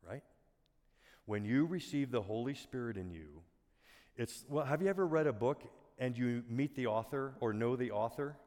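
A middle-aged man preaching a sermon as a pastor, earnest and soft-spoken, often dropping his voice almost to a whisper. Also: medium pitch. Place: church auditorium. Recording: long hall reverb.

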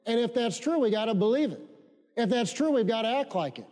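A man's voice: very high voice, animated, fairly quick, darkish tone. A male pastor preaching a sermon, repeating key phrases for emphasis and leading his congregation in call-and-response. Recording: long reverb of a church hall.

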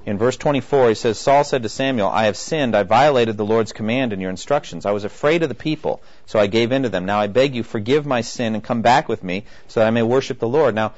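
A man's voice: medium pitch, quick pace, few pauses, a little mellow. A man giving a conversational Bible teaching lecture who acts out the quoted voices and keeps checking in with his listeners. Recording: dull lo-fi recording.

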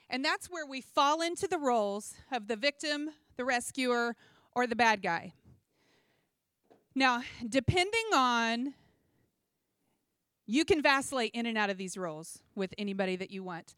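Bright, clear-voiced woman preaching. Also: a little high, moderate pace, dry recording, clean studio sound. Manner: conversational and animated, with asides and self-deprecating humor. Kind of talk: sermon.

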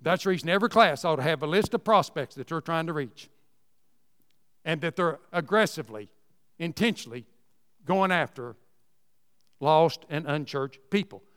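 A high-pitched man preaches to his congregation with folksy, emphatic conviction, driving his points home by repeating them. His voice rings out with a long reverb, as if filling a large church sanctuary. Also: lively intonation, moderate pace, long pauses, fairly bright tone. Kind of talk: sermon.

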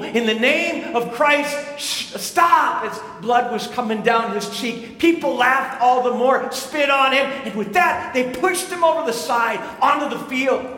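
A male preacher tells a story with a high, bright voice, swinging from dramatic peaks to hushed asides. His voice carries a long reverb, as if he were recorded in a large hall. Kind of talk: sermon storytelling.

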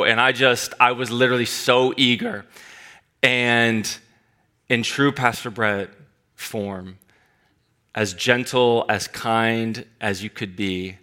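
A man preaching a sermon, telling a humorous personal story with animated delivery. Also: medium pitch, takes it slowly. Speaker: pastor.

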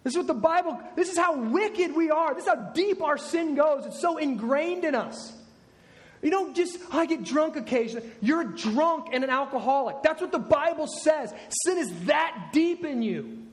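A man with a very high voice preaches to his congregation. He drives each point home and repeats key words to press them in. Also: animated, normal speed. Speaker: pastor. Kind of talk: sermon.

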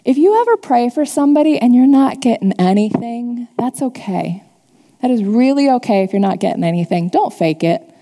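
A woman preacher with a fairly high but mellow voice talks through her sermon casually, as if chatting with her congregation. Her words ring out with a long reverb, like a church sanctuary. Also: expressive, moderate pace. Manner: warm, conversational preaching with laughs and asides. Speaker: pastor.

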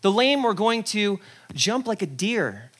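A pastor preaching a sermon in a conversational, animated way, acting out scenes and checking in with the listeners. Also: mid-range voice, measured pace, breathy edge. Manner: animated storyteller, acts out scenes; conversational, frequent "okay?" asides.

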